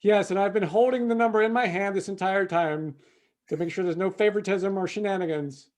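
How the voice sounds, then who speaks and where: A man's voice: high-pitched, fairly even intonation, fairly quick, darkish tone. A man taking part in a virtual fundraiser over a video call, playful and brief. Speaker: event guest. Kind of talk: casual chat.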